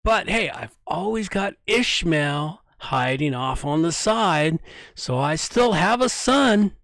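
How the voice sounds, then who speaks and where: A blunt, matter-of-fact father figure retold as a flippant modern guy, as a man puts him on. He talks in a somewhat high voice, slow and offhand, with a dry, sarcastic edge, recorded close and dry. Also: expressive, vocal fry, a bit bright, dry recording, exaggerated voice.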